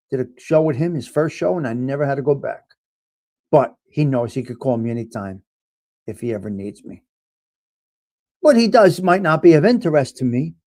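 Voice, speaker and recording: New guy running a livestream, kinda high voice, mob-style joking and cussing, dry close sound. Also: darkish tone, no echo. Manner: joking mob-style banter, swears freely. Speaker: livestream host. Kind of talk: casual livestream chat, reading viewer comments.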